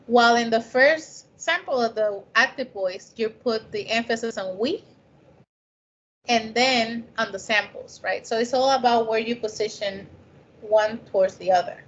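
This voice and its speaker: A woman's voice: on the high side, unhurried. Woman lecturing, non-native English, lo-fi. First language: not English. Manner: conversational, frequent "right?" check-ins. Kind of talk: lecture on scientific writing. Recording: dull lo-fi recording.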